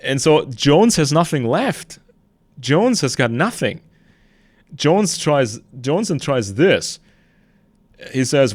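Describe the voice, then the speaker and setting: A man's voice: fairly high pitch, sing-song, slow pace, pauses often, no room sound, studio quality. A man hosting a podcast, casually retelling a debate and commenting on it. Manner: conversational, retells a debate with quotes and asides. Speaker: podcast host.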